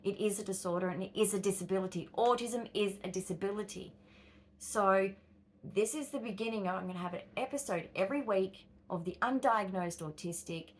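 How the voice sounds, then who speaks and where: Talking briskly at medium pitch, a fifty-something Australian woman delivers a direct-to-camera vlog monologue. She speaks right to her audience, voicing her inner thoughts with sighs and exclamations.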